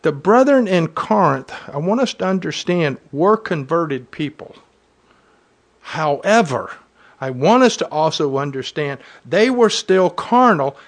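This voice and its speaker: A man's voice: on the high side, big pitch swings, unhurried. A man preaching a sermon to his congregation, reading scripture aloud and driving home points with earnest emphasis.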